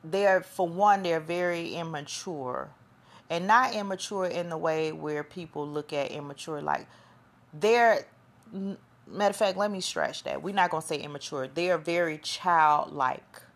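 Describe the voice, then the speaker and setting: A woman's voice: lowish voice, normal speed. A woman hosting a podcast in a chatty, rambling monologue, often losing her train of thought. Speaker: podcast host. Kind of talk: casual monologue commentary.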